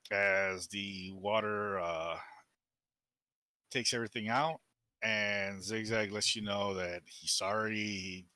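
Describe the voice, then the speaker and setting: A man running a tabletop game as game master, narrating in a relaxed way and chuckling now and then. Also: lowish voice, takes it slowly, dry recording.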